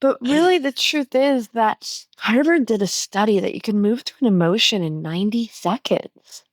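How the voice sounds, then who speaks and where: A woman's voice: a little high, moderate pace, no room sound. A woman guest on a podcast explaining her healing method in an earnest, explanatory way. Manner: earnest, explanatory, animated when making points. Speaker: guest, inner child healing coach.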